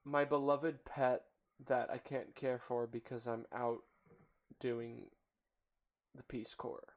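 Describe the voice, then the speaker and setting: An animated man chatting casually through a guessing game. He jokes and swears freely, and his voice swings widely in pitch as he riffs. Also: takes it slowly.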